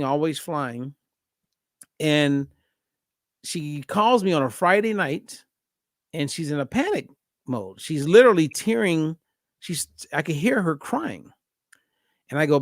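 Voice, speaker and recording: A man hosting a casual podcast conversation as a diet coach, telling a story with lively acted-out dialogue. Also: fairly high pitch, no room sound, clean studio sound. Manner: animated storyteller acting out both sides of a phone call.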